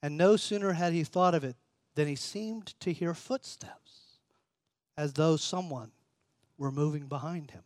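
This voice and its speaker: A man, a pastor, reads aloud from a story and preaches, his tone earnest and measured, growing slower and softer when he wants emphasis. His voice is a little high, and the recording is free of echo.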